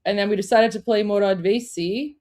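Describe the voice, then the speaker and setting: A woman's voice: medium pitch, a little fast, darkish tone, rough recording. A woman co-hosting a political livestream in a chatty manner, talking straight to the chat and correcting herself as she goes.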